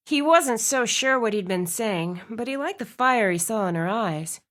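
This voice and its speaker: A woman reading a romance audiobook aloud, with expressive narration. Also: fairly high pitch, normal speed. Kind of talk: scripted narration.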